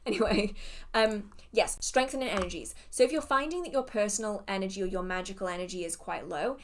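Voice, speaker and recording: A woman's voice: mid-range voice, a bit bright. A woman with an English accent hosting a casual livestream Q&A, chatty and self-deprecating, laughing often and muttering to herself between questions. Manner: hums and mutters to herself while scrolling. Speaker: host of a live witchcraft Q&A.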